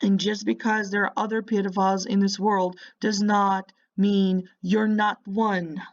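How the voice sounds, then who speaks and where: A woman's voice: mid-range voice, little pitch movement, a little slow, muffled recording. A woman hosting a reaction video, mocking and insulting the person on screen with sarcastic commentary.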